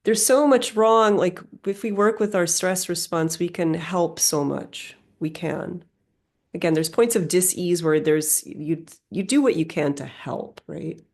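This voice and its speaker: A woman's voice: on the low side, a little slow. A woman hosting a solo podcast, musing aloud in a meandering, reflective way. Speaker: podcast host.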